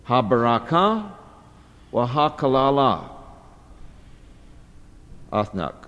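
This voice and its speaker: A man teaching a scripture lesson, reading a text slowly line by line and pausing often with "uh". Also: on the low side, in a large hall. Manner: slow, deliberate, pausing often with "uh". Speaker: Hebrew Bible teacher.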